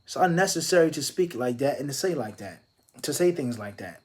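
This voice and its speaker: A man, an Islamic scholar, answering viewer questions live, explaining calmly with Arabic religious phrases and pressing his points with strings of rhetorical questions. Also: mid-range voice, a little fast. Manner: emphatic, stacking rhetorical questions.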